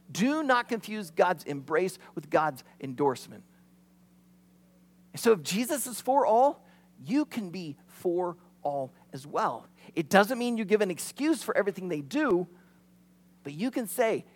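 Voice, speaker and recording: A man preaching a sermon with a high voice that swings widely in pitch. His delivery is animated, and he acts out the quotes he tells. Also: measured pace. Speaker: pastor.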